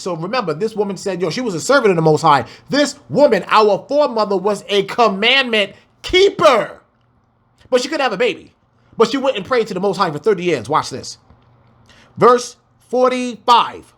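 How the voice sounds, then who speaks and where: A man teaching from the Bible. He reads scripture slowly and drawn out, then breaks into blunt, profane, slangy commentary. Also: sits high, very animated, a bit bright. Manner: blunt, profane, slangy asides between slow, drawn-out readings.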